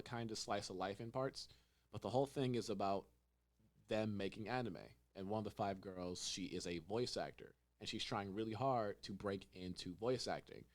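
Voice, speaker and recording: Young male podcast host, low voice, animated storyteller who acts out lines. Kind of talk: casual chat.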